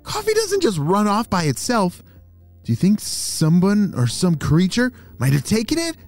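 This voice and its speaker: A man doing an excitable young storybook boy. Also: sits high, normal speed, faint music behind, pitched above the performer's own voice, exaggerated voice. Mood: excited.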